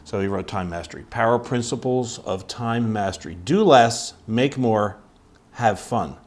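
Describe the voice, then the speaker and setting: A man's voice: mid-range voice, measured pace. Male podcast host, mid-range voice, eager and chatty, loose conversational delivery. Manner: enthusiastic, chatty, many fillers. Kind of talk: casual podcast interview.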